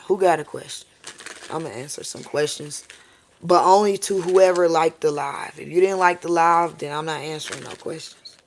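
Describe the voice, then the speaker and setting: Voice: medium pitch, normal speed, a little hiss or hum. Rambling, profane tarot reader on a live stream. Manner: keeps asking viewers "okay?" and "all right?".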